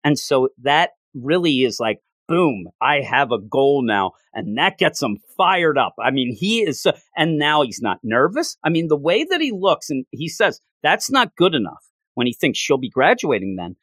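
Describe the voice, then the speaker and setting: Guy on a podcast gushing about a chapter, kinda high voice that jumps all over, super dry close sound. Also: normal speed, few pauses, dry recording. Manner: animated, excitable retelling with playful voices for characters. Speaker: podcast co-host reviewing manga chapters. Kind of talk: casual chat.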